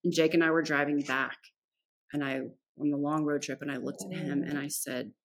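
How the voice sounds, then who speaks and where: Low, husky-voiced woman telling her story. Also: fairly quick. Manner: frank and animated, acts out quoted dialogue, swears casually. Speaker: podcast guest. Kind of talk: candid personal storytelling.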